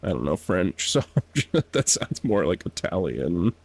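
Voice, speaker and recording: A man's voice: deep voice, sing-song, normal speed, vocal fry, breathy edge. A man streaming a game, chatting casually to himself, laughing often and sounding out foreign words. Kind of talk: casual gameplay commentary.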